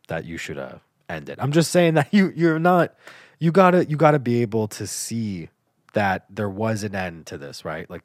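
A man's voice: on the low side, no echo, studio quality. A man hosting his own podcast, talking in a rambling, profane monologue with lots of filler sounds. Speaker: podcast host. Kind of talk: casual monologue.

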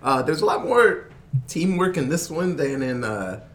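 In a fairly high, measured voice, a man casually recaps the plot of a zombie movie. He's an animated storyteller who laughs a lot and acts out the characters' lines.

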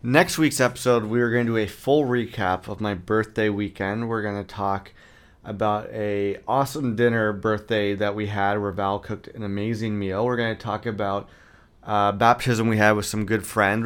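A man in his thirties talks on his own podcast in a lowish voice. He rants with plenty of swearing and dry sarcasm. His delivery stays fairly monotone throughout. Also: moderate pace, clean tone. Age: 30s. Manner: profane, ranting, sarcastic; self-described monotone delivery. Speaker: podcast host. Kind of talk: casual solo podcast rant.

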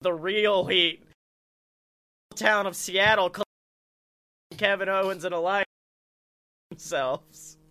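Bright-voiced excitable male podcast host. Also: sits high, slow, long pauses, dry recording. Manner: excitable, laughs often, breaks into goofy put-on promo voices. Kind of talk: casual podcast chat.

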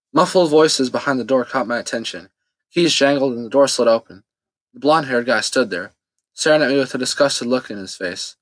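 A man narrates a first-person story in a steady, plain reading voice. His pitch sits in the middle range for a man. The recording is dry and close, with no room sound. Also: no room sound, poor audio. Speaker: audiobook narrator.

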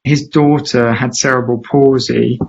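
A man, a charity founder and interview guest, telling a lively anecdote and acting out the voices of the people in it. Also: mid-range voice, unhurried, vocal fry. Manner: lively, acts out quoted voices, laughs often. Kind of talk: animated anecdotal storytelling. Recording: slightly dull lo-fi audio.

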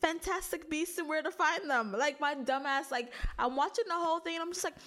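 A woman co-hosting a podcast, talking in a loose, animated way with frequent laughter and casual swearing. Her voice sits fairly high. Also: a little fast. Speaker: podcast co-host. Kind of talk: casual chat.

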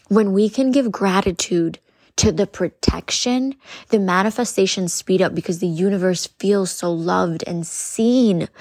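A woman's voice: lowish voice, no echo, studio quality. A woman podcast host giving an earnest spiritual coaching talk, repeating phrases and speaking directly to her listeners.

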